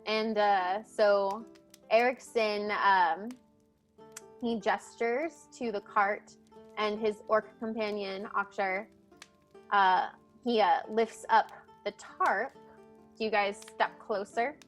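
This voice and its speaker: A woman narrating a tabletop game as game master, with frequent pauses and restarts. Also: mid-range voice, fairly even intonation, soft background music. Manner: halting, with many restarts and fillers.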